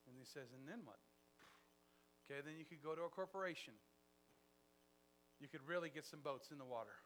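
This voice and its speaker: A man preaches a sermon in a slightly high voice, acting out a story with lively swings from quiet asides to loud bursts. A faint hum sits under the recording. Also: fairly quick. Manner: animated storyteller, acting out dialogue with big swings in loudness.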